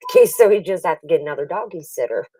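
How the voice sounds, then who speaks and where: Chatty middle-aged woman, low and lively. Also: husky, no echo, far from the mic, low-quality recording. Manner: laughs often, chatty and animated when telling stories. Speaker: poker stream co-host. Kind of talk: casual storytelling chat.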